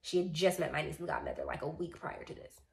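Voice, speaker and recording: A woman's voice: sits low, brisk, vocal fry. A woman vlogger telling a storytime in a casual, rambling way and acting out what others said. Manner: rambling, animated retelling with acted-out quotes.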